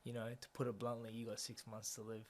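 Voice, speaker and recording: A young man telling a personal story as a guest in a conversation, speaking quietly and reflectively, often letting his voice drop softer. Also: mid-range voice, completely flat delivery, quick pace, slight background noise. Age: young adult.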